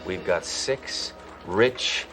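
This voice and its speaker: An actor playing a brash, deadpan male police detective who trades gruff wisecracks, on a TV soundtrack with music behind. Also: low voice, extremely slow, heavily acted. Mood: smug. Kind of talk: sitcom acting.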